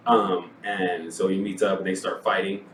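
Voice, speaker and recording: A man co-hosting a casual movie review podcast, retelling scenes in a lively way and acting out the characters' lines. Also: deep voice, moderate pace. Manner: animated retelling, acts out quotes, laughs often. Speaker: podcast co-host. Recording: echoey room, distant mic, faint noise.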